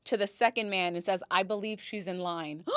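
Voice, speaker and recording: A woman's voice: mid-range voice, steady tone, a little fast, a bit bright, clean tone, no room sound. A young woman hosting a podcast, telling stories in a casual, dramatic way, swearing and gasping for effect. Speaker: podcast host. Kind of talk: casual storytelling monologue.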